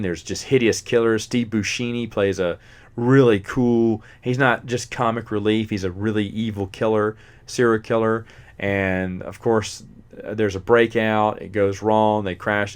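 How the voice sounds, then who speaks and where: Rambling man reviewing movies. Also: fairly low pitch. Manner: rambling, often forgets names. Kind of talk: casual movie review monologue.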